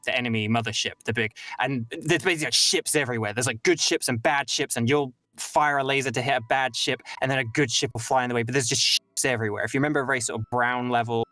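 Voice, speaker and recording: A man's voice: mid-range voice, fairly bright tone, clear, resonant tone, dry recording. A British man hosting a stream, chatting casually and rambling with lots of fillers and restarts on a streaming mic. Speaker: streamer host.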